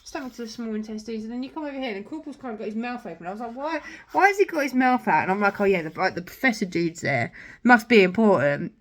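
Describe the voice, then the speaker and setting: A woman's voice: mid-range voice, fast talker, a bit bright. Chatty gushing young woman. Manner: chatty and gushing, heavy filler words. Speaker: vlogger. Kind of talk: casual book show-and-tell.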